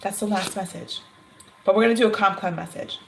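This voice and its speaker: A woman reading tarot cards on a casual livestream, chatty and quick to laugh. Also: mid-range voice, creaky. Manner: chatty, laughs often, animated storytelling. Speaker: tarot reader.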